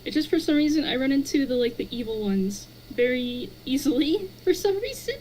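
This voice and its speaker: A woman streamer chatting as a guest with dry, deadpan humor. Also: sits high, fairly quick, slight background noise, rough recording. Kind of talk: casual chat.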